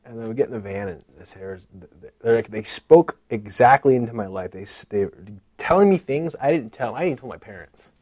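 A man shares a personal testimony in a relaxed storytelling way, acting out what others said to him. His voice sits at a middle pitch. The recording is dry, with no room echo. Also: fairly quick. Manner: chatty storytelling that acts out what others said, with many "like" fillers. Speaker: speaker giving a testimony at a conference.

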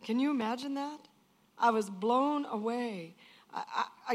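A woman's voice: on the high side, measured pace. An older woman giving an emotional personal testimony in an earnest, emphatic way, often repeating phrases.

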